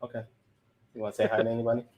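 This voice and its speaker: A man's voice: medium pitch, monotone, rapid-fire, a little mellow, slight background noise. A man guesting on a podcast over a video call, bantering casually and laughing easily. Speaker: guest, comic publisher. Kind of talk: casual chat.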